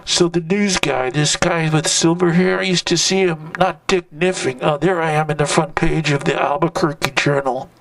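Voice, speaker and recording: A man's voice: on the high side, steady tone, moderate pace, creaky, hardly any pauses, a bit bright, no room sound. A man in his sixties telling a rambling personal story in loose hippie slang, often ending phrases with "man". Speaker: narrator recalling a protest. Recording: distant mic, dry sound.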